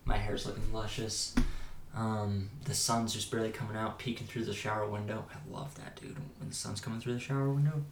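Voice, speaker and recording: A young podcast co-host tells a rambling daydream story during a casual chat, laughing as he goes. His voice is fairly low and steady in tone, and he talks briskly. The recording is roomy with faint noise.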